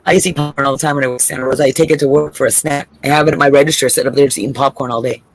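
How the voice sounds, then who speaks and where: She's a co-host in a trivia game on a video call, her bass voice racing as she rambles, laughs and swears freely while telling stories in casual chat.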